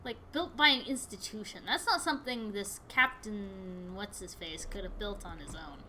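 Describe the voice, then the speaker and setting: A woman giving chatty, excitable commentary while playing a video game, yelping at what happens on screen. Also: medium pitch, moderate pace, a little hiss or hum. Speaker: gaming video host. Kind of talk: casual gameplay commentary.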